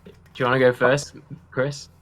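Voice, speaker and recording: A man's voice: mid-range voice, little pitch movement, moderate pace, fairly bright tone. A man in a band, a guest on a podcast, chatting in an easygoing, teasing way. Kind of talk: casual interview chat.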